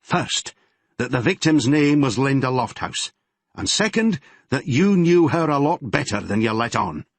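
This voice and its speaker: A hard-edged Glaswegian detective, snarling and pushing for answers, as a man reads him. The voice is husky and swings freely in pitch. The audiobook recording is dry and close. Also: big pitch swings, measured pace, no room sound. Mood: menacing. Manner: snarling, interrogating. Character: gruff Glaswegian male police detective, bullying. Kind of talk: audiobook character reading.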